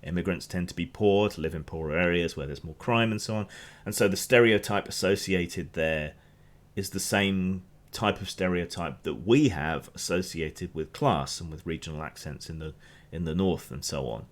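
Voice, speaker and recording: A man whose voice sits low and moves at a normal pace comments casually on the news during a stream. He is from England, speaks with a Hampshire accent, and tends to ramble and restart.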